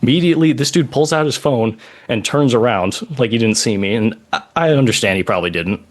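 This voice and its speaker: A man telling a personal story on a podcast, in a halting way with many pauses and "like" asides. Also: medium pitch.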